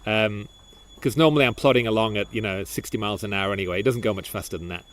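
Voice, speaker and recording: A man co-hosting a podcast, telling a story in casual chat, animated and full of restarts and repeated words. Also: fairly low pitch, quick pace. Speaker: podcast co-host.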